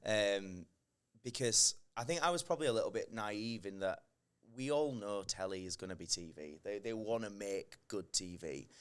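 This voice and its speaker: Man, 30s, somewhat low voice, casual chat, animated storyteller. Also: normal speed, smooth. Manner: animated storytelling, acts out quoted lines. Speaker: podcast guest.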